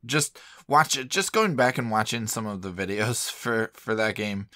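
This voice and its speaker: A man's voice: fairly low pitch, moderate pace, pushed and bright, no echo, studio quality. A man co-hosting a video game podcast, chatting casually in an easygoing, joking way. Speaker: podcast co-host. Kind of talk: casual chat.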